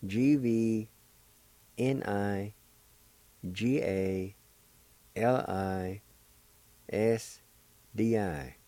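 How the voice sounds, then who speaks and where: A man hosting a radio language lesson, patiently spelling words and sounding out syllables slowly, with encouraging words for learners. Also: on the low side, mellow, no room sound. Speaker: radio language teacher and host. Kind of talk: slow step-by-step pronunciation lesson.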